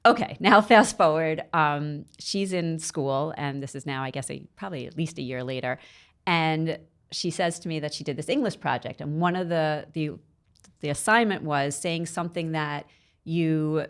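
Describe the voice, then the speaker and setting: A middle-aged woman, a podcast guest, chatting casually and telling animated stories in which she acts out quoted voices. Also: low voice, moderate pace, clear, resonant tone. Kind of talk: casual interview chat.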